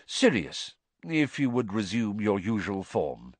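A man's voice: lowish voice, very animated, no echo, exaggerated voice. Dumbledore, an old wise wizard read by a man. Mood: commanding. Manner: measured, grave and authoritative. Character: old wise male headmaster wizard, calm and commanding.

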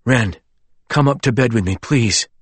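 A man's voice: mid-range voice, unhurried, slightly rough, dry recording. A man voicing a drunk, tearful young man who is petulant and bitter, speaking in pleading, angry outbursts in a storybook reading.

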